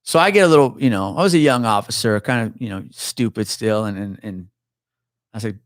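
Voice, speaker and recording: A man in his forties, a retired police officer, telling a profane, animated story as a podcast guest. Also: on the low side, fairly quick, no room sound, studio quality. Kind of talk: casual storytelling chat.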